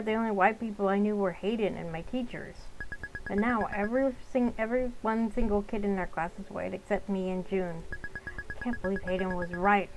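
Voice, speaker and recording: A woman's voice: medium pitch, a little mellow, low-quality recording. A woman reading a visual novel aloud with casual commentary as she plays. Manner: casual asides while narrating. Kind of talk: let's-play reading and commentary.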